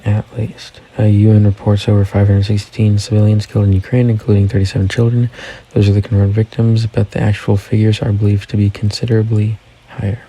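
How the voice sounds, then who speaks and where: A man's voice: lowish voice, monotone, a little fast, hardly any pauses, mellow, breathy edge, poor audio. A man hosting a casual news recap, reading headlines and adding offhand personal comments. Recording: faint background noise.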